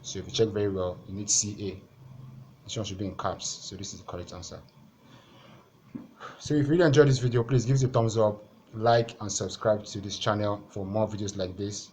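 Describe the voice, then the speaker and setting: Guy tutoring exam prep, lowish voice, goes through each answer step by step and repeats stuff. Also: a little fast, darkish tone, slight background noise. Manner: methodical, repeats key points step by step. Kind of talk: explaining over on-screen exam questions.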